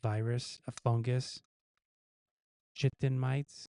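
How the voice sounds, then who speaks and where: A man's voice: medium pitch, fairly even intonation, a little slow, mellow, no room sound. A male host casually reading out news quiz questions, guessing the answers himself and chuckling at his own gag options.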